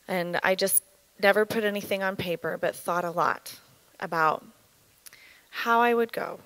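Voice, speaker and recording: A woman in her thirties giving an earnest, candid personal testimony as a church speaker, speaking in a measured way. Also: on the low side, a bit bright, no echo, low-quality recording.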